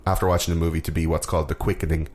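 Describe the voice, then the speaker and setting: A man co-hosting a film podcast, chatting in a jokey, animated way and swearing freely. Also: a bass voice, very fast. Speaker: podcast co-host. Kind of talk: casual film-review chat.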